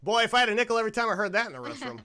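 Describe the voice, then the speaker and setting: High bright dude running a movie podcast, rambly and animated, laughs a lot. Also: male voice, racing. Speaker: podcast host. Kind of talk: casual movie commentary.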